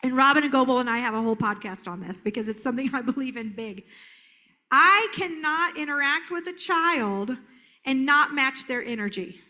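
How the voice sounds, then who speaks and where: A high-voiced woman gives a live conference talk as a therapist. She is animated and joking, and her pitch swings and lifts as she drops into silly voices for effect. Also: moderate pace.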